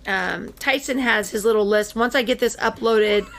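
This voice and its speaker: A woman hosting a casual podcast, chatty with many fillers and quick laughs. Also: fairly high pitch, a bit bright. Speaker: podcast host.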